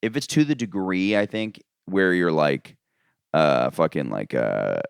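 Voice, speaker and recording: A man's voice: sits low, expressive, a little slow, creaky, clear, resonant tone, dry recording, clean studio sound. A man from Florida hosting a casual comedy podcast, rambling and crude, often trailing off mid-thought. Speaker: podcast host.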